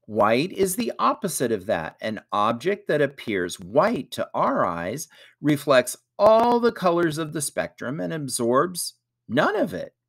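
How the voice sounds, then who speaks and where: Man reading an eager grown-up teacher type, lively and unhurried. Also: fairly high pitch, gravelly, pitched above the performer's own voice, exaggerated voice. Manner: enthusiastic, explanatory. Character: eager patient adult man explaining science.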